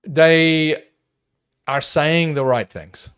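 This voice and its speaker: A man's voice: fairly high pitch, very slow, clear, resonant tone. Emphatic man. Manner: emphatic, animated, frequent restarts. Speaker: property developer guest. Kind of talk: casual podcast interview.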